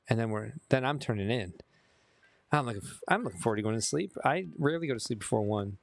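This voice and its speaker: Fast-talking and animated, this streamer has a medium-pitched, creaky voice and a Chicago accent. He's had a bit of whiskey and rambles through casual game-stream chatter, teasing himself and talking directly to his chat.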